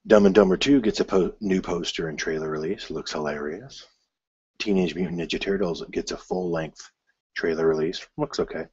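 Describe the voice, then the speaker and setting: A man hosting his own film news show, rambling casually with many fillers and restarts and bursts of excitement. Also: sits low, moderate pace, slightly rough, dry recording, lo-fi sound.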